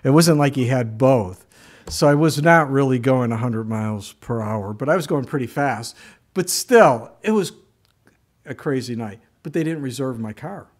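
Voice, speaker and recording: A man pastor giving a sermon, moving from Bible teaching into a lively personal story. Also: medium pitch, normal speed. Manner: storytelling, animated in anecdotes.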